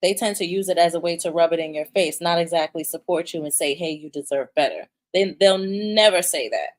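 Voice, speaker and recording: Blunt, emphatic woman with a lowish voice. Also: fairly quick. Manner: blunt, emphatic, profane, talks with restarts; reads viewer comments aloud. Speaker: commentary vlogger. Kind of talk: opinionated commentary.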